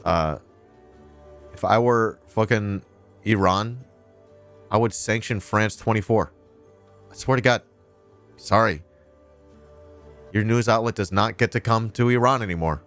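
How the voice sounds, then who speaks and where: A man's voice: on the low side, unhurried, long pauses, fairly bright tone, soft background music. A man hosting a livestream, reacting to news clips in a sarcastic, ranting way and swearing freely. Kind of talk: casual livestream commentary.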